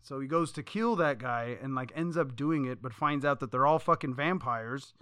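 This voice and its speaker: Co-hosting a podcast, a man spins animated stories that wander and are full of profanity, all in a relaxed chat. He speaks at a medium pitch and moderate pace, with a clean tone captured in studio quality without room sound.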